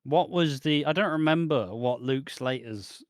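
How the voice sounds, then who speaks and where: A man's voice: mid-range voice, unhurried, dry recording, clean studio sound. A man co-hosting a podcast, chatting casually about a soap opera with a laid-back manner. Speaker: podcast co-host.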